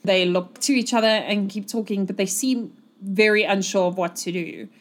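A woman running a tabletop game as game master, describing the scene in a relaxed way with many fillers. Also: mid-range voice, moderate pace.

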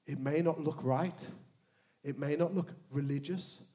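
A man preaching a sermon, animated, with joking asides and dramatic hushed emphasis on key words. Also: on the high side, a little slow. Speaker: pastor.

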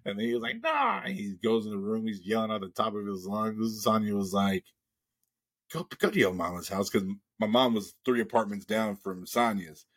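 A man's voice: lowish voice, normal speed, breathy edge. A man hosting a podcast, telling a long profane story in casual chat and acting out the voices of the people in it. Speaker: podcast host.

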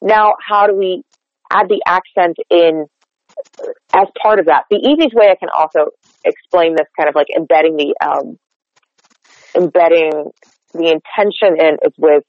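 An American man working as a dialect coach, explaining his technique in an animated, chatty way and acting out example lines. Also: fairly high pitch, normal speed, no room sound, lo-fi sound. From United States. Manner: animated, explanatory, demonstrates lines aloud, many fillers like "like". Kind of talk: interview guest explaining technique.

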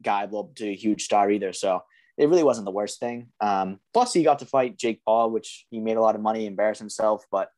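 A man's voice: on the low side, a little fast, darkish tone, dry recording. A young man co-hosting a casual fight podcast, laid-back and chatty. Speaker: podcast co-host. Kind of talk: casual MMA podcast chat.

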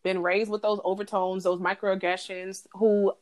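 A woman's voice: mid-range voice, little pitch movement, normal speed. Blunt, heated woman podcast co-host. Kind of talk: casual chat.

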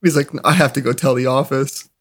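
A young man telling animated stories in a casual chat, laughing often. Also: medium pitch, brisk, slight background noise. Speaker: podcast co-host.

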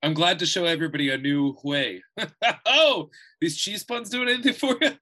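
Man, bright voice, animated storyteller, casual podcast chat, swears a lot. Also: on the high side, moderate pace. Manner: animated, jokey storyteller who swears freely. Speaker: podcast co-host.

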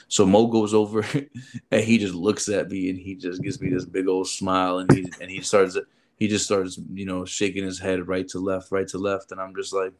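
Man, low voice, recruiter, casual animated storytelling, slangy, loud swings. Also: moderate pace. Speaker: military recruiter.

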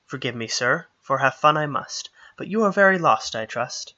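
A man's voice: medium pitch, lively intonation, normal speed, bright, forceful tone, muffled recording. Man playing a sing-song goat-man trickster. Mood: playful. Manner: sing-song rhyming speech. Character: mischievous male goat-man trickster, rhyming.

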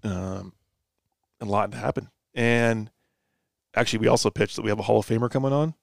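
A man's voice: lowish voice, normal speed, gravelly, no echo, clean studio sound. A man co-hosting a casual sports chat, telling stories with a laid-back manner and frequent laughs. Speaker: co-host.

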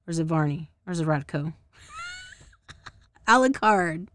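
A woman's voice: sits low, lively intonation, a little slow. A woman casually recapping a show as a podcast host, rambling, swearing and often losing track of names. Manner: rambling, profane, laughs often; loses track of names and details.

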